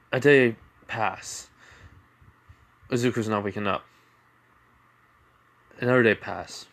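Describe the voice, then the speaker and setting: A man's voice: mid-range voice, fairly bright tone. Rambling man telling a fan story. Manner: rambling, full of "you know" and restarts. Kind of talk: improvised fan-fiction narration.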